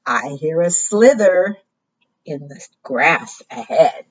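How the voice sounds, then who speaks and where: A woman voicing a big, hungry, slow-witted monster in a storybook read-aloud, gruff and slow. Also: low-pitched, expressive, highs cut off, pitched below the performer's own voice, heavily acted. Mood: wary.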